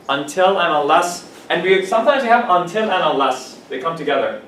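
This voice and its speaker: A man teaching an English class, patiently drilling example sentences and stressing words slowly. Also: a little high, sing-song, a bit bright, slight background noise. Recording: echoey classroom from a distant mic.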